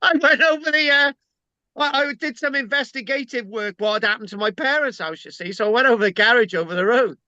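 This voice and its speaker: Rambling, stammering man, bright high voice. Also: fairly quick, no echo. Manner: rambling, stammering, punctuates with "right?". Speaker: channel host. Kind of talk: casual storytelling chat. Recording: dull lo-fi sound.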